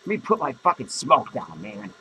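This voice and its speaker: A man's voice: mid-range voice, wildly swooping pitch, normal speed, heavy background noise. A man playing a drunken, foul-mouthed, hot-tempered male clown who slurs, rambles and swears. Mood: drunken rambling. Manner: slurring, rambling, swearing constantly. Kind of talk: improvised character comedy monologue.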